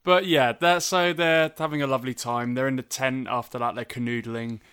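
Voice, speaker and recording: A man's voice: medium pitch, steady tone, fairly quick, fairly bright tone, clean tone. Chatty man retelling a film. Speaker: podcast co-host. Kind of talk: casual film review chat.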